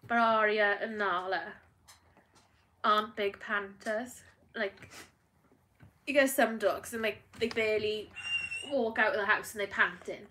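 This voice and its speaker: A British woman filming a casual vlog at home, talking to her dogs in soothing baby talk that often drops to a hush. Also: mid-range voice, fairly even intonation, unhurried, long pauses, slight background noise. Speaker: dog breeder filming her dog's labour. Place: at home indoors.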